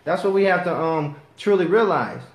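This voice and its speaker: A man with a high voice preaches a sermon to a class at a moderate pace, reading scripture and pushing his points with impassioned energy that rises into righteous anger. The room is echoey.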